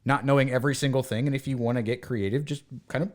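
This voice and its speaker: An American man co-hosting a podcast speaks fast with a medium pitch in casual chat. He's an animated storyteller who acts out the voices of the people in his stories.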